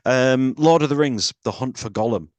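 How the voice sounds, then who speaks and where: A man's voice: medium pitch, moderate pace, a little mellow, no echo. A man co-hosting a film podcast, blunt and questioning in casual chat.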